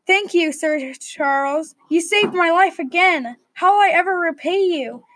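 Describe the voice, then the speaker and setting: A woman's voice: extremely high pitch, unhurried, fairly bright tone, slight background noise. A woman reading the part of a stranded, frightened male knight crying out for help. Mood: grateful.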